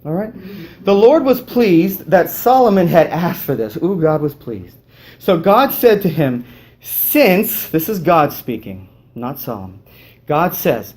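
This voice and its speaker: A man preaching a sermon in a lively, conversational way, often lifting his voice suddenly. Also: a little slow. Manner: animated, conversational preaching with sudden pitch lifts. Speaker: pastor.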